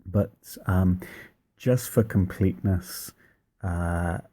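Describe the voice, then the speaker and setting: A man with a deep, dark voice talks through a music lesson at an easy, slow pace. His explanation is thoughtful and halting, full of small pauses as he works out each point. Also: fairly even intonation. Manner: thoughtful, hesitant, many pauses and fillers. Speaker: church music teacher. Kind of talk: informal spoken lesson on chant.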